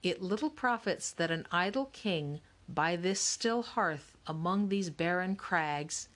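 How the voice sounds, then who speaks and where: A calm, bookish older brother who explains things patiently, as a woman narrator puts him on. His lines stay close to the reader's own low-set voice, measured and even.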